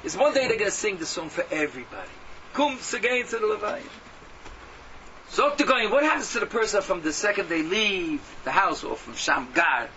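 Bright-voiced man preaching from afar. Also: sits high, fairly quick. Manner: animated, swings from hushed to loud exhortation; mixes in Yiddish and Hebrew terms. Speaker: Torah teacher. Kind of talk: sermon. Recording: dull lo-fi audio from a distance with faint hum.

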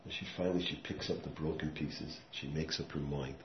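A man with a very low voice delivers a sermon built around stories, sinking to a hush and then surging into loud, emphatic bursts. He mixes Yiddish and Hebrew words into his talk. The recording is echoey and muffled, with a faint hiss behind it. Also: fairly even intonation, brisk. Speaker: rabbi giving a talk. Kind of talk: sermon with storytelling. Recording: echoey room, muffled sound, faint background noise.

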